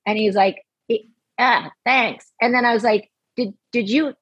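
Woman, husky, animated storyteller, acts out quoted voices, dry close sound. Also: a little high, measured pace, dry recording, dull audio. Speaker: guest. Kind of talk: casual storytelling.

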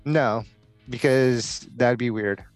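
A man's voice: mid-range voice, takes it slowly, dry recording, faint music behind. A man from the United States co-hosting a podcast, telling rambling stories full of fillers and swearing in casual chat. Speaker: podcast co-host.

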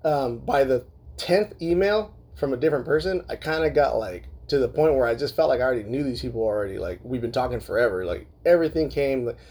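Male podcast host from Southern California, husky voice, casual and profane, lots of fillers. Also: mid-range voice, expressive, fast, a little mellow. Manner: loose and profane, full of fillers, laughs often. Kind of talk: casual podcast chat reading listener emails.

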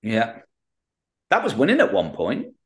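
Male co-host, animated lively intonation, casual and bouncy. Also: mid-range voice, unhurried. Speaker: podcast co-host. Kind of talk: casual podcast chat.

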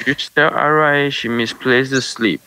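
A man talking on a call, insistent and halting, repeating himself. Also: mid-range voice, steady tone, pushed and bright, smooth, poor audio. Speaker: phone caller.

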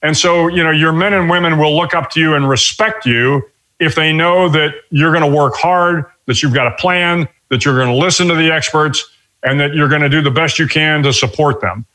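An older man speaks in an interview, thoughtful and measured, often pausing to reach for the next word. His voice sits a little high for a man and rings bright and forward. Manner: measured, with frequent pauses and fillers. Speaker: guest. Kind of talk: reflective interview storytelling.

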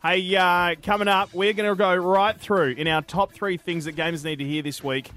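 An Australian man co-hosting a podcast, chatting in upbeat, matey banter. His voice sits a little high for a man. He jokes and teases his co-host. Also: steady tone, fairly bright tone, faint music behind. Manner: matey, upbeat, quick joking.

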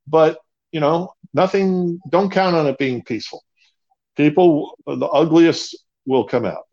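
A man's voice: fairly high pitch, a little slow, a little mellow. Emphatic man telling stories, muffled audio. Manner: emphatic, storytelling, repeats words for stress. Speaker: bunker company founder, interview guest. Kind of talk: conversational interview.

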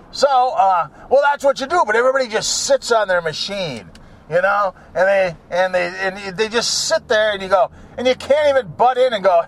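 A man rants in a rambling monologue, swearing freely and slipping into mocking voices of other people. His voice sits fairly high and swings all over the place. Vehicle sounds can be heard behind him. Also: big pitch swings, moderate pace, fairly bright tone. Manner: ranting, profane, mocks people in put-on voices.

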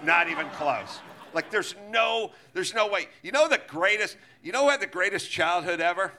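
Middle-aged man, comedy podcast host, animated, swearing storyteller, live stage show. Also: high-pitched, moderate pace. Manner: animated, swearing, laughs mid-sentence.

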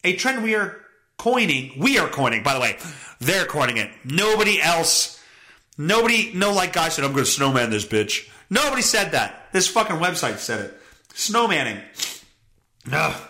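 A man's voice: a little high, big pitch swings, moderate pace, sharp tone, roomy sound. A male podcast host reading news stories aloud and mocking them with sarcastic, profane commentary. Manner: sarcastic, swears often, mocks the stories he reads.

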